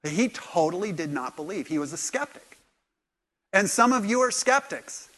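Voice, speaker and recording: A man preaching a sermon in church, animated, jumping from quiet remarks to loud acted-out lines. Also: high-pitched, moderate pace. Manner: animated, acts out dialogue with sudden loud bursts. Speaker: pastor.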